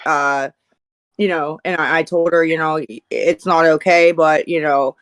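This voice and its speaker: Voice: mid-range voice, steady tone, unhurried, a bit bright, dry recording, poor audio. A moderator in a casual online voice chat, speaking hesitantly with lots of fillers and restarts.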